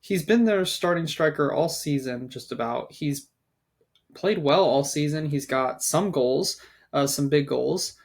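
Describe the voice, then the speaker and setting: A man co-hosting a podcast, giving measured, slightly hesitant sports opinions. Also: on the high side, creaky. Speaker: podcast co-host. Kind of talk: casual sports chat.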